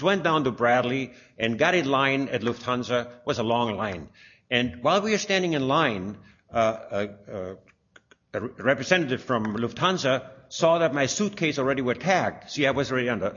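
A man's voice: medium pitch, fairly bright tone. An older man telling a long personal testimony, rambling with fillers and restarts. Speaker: speaker sharing a personal testimony. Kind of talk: anecdotal storytelling. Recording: dull lo-fi recording.

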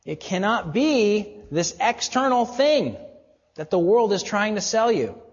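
A man's voice: high-pitched, very animated, unhurried, slightly rough. A man preaching an expository sermon in a church hall, emphatic and asking the congregation questions. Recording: dull recording with long hall reverb.

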